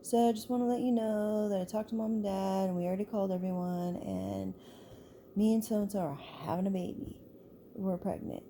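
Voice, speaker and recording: A grown brother talks in a breezy, blunt way, as a woman quotes him in her story. The voice stays dark and mellow, with nothing put on. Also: mid-range voice, lively intonation, moderate pace, a little hiss or hum, lightly acted. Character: casual adult brother, flippant and offhand.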